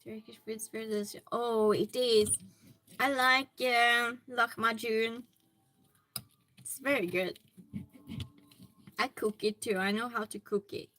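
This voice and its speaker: A woman's voice: fairly high pitch, steady tone, unhurried, pauses often, fairly bright tone, dry recording, low-quality recording. A woman hosting a hobby livestream from her home hobby room, chatting casually and greeting viewers by name as she reads their comments.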